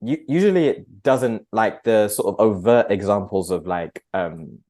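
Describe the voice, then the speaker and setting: Low-voiced man, earnest and reflective. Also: measured pace, dark tone. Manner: earnest, reflective, with frequent fillers. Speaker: podcast guest, agency founder. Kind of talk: conversational interview.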